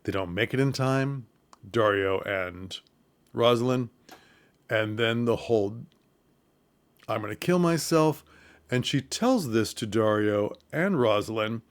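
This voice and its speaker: Man chattily recapping a film. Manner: animated retelling, quick falsetto bits for quoted characters; chuckles through the telling. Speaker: theatre commentator.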